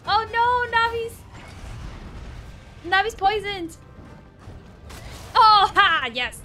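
A woman streamer reacting to a game she is playing, full of excitable yelps, exclamations and giggles. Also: extremely high pitch, drawn-out words, faint music behind. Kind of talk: live gameplay commentary.

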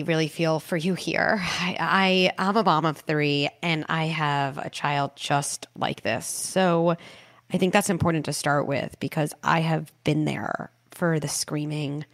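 A middle-aged woman, the host and parenting expert, calmly explaining advice on an advice podcast. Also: sits low. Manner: calm, explanatory, reassuring.

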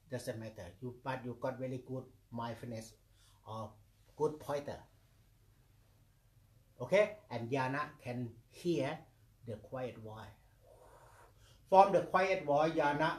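A man who is a meditation teacher monk, giving a dharma talk in simple English, repeating words in rhythmic chains and often asking "okay?". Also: fairly high pitch. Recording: echoey room.

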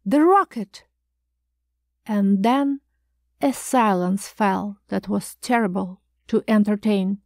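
A woman reading a science fiction short story aloud in a measured, expressive storytelling manner. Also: a little high, no room sound. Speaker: audiobook reader. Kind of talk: scripted narration.

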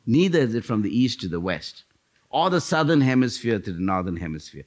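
A middle-aged man preaches in a church, his voice swinging widely through its range and leaping up high as he acts out quoted voices. He speaks at a mid pitch, with an animated storytelling drive. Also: fairly quick. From India. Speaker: guest missionary preacher. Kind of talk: sermon. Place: church sanctuary.

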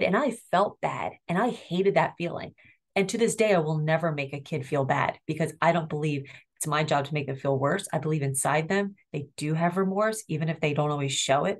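A middle-aged woman educator speaking earnestly and with empathy in an interview about guiding children. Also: deep voice. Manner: earnest, empathetic, demonstrates tones of voice. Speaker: school educator and guest. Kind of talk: interview conversation.

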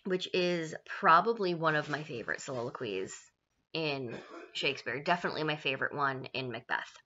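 A woman teacher with a low, bright, forceful voice talks through a play in an easygoing, chatty way. She paraphrases often and checks in with "right?". The recording sounds dull and lo-fi. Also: expressive, moderate pace. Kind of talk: casual classroom explanation of a play.

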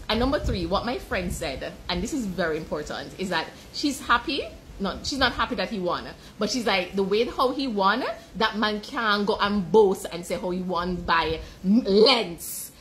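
A woman's voice: mid-range voice, fairly bright tone, a little hiss or hum, low-quality recording. A woman from Jamaica reacting to a race in a casual, emotional chat, full of "like" fillers. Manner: emotional, chatty, laughing, fillers with "like". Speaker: sports fan commentator.

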